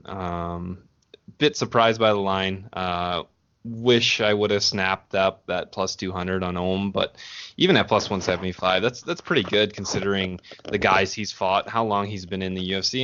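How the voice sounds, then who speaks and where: A man co-hosting a podcast, chatting casually about fight bets in a relaxed, rambling way. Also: deep voice. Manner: relaxed, rambling, restarts often. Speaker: podcast co-host. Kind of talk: casual betting chat. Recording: dull lo-fi audio.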